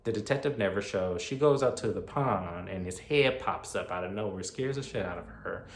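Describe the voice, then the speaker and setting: A man giving a casual movie review, retelling the plot in an animated, opinionated, slangy way. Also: on the low side, moderate pace, slight background noise. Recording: roomy echo.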